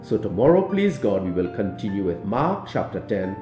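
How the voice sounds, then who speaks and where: A man giving a short sermon as a priest, in slow, measured preaching with emphatic rises. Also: lowish voice, very animated. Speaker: priest giving a daily reflection. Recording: echoey room with soft guitar music.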